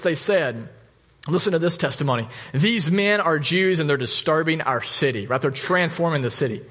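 A male pastor preaching a sermon, telling a story with lively asides and jokes. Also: high-pitched. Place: church.

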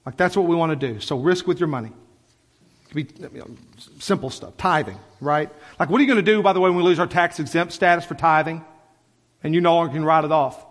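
A man's voice: a little high, brisk, a bit bright. Passionate male preacher, reverberant church hall. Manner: passionate, conversational, filled with "like". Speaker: pastor. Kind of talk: sermon. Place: church sanctuary.

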